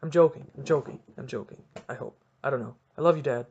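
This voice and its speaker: A man's voice: medium pitch, fast talker, creaky, darkish tone, breathy edge, dull audio. A young Canadian man hosting a podcast, telling a story casually, mocking himself and acting out quotes dramatically. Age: young adult. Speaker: podcast host.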